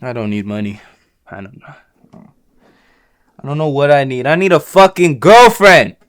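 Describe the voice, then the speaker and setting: A young man telling a personal story on his vlog, animated and swearing, bursting into shouts. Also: a little high, moderate pace, no echo. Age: young adult. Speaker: vlogger.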